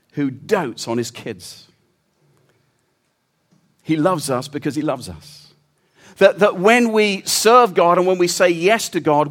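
A middle-aged man preaching a sermon. He talks earnestly, climbs to loud emphasis and drops to a soft hush. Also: a little high. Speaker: pastor.

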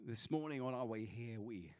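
A man preaching a sermon as a pastor, earnest, often repeating his words, moving between passionate exhortation and quiet prayer. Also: medium pitch, animated, moderate pace.

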